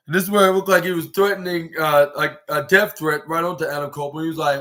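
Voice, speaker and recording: A man's voice: on the high side, fairly even intonation, brisk, pushed and bright. Rambling man recapping in casual chat. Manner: rambling, heavy use of filler words, retells scenes in paraphrased quotes. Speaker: podcast host.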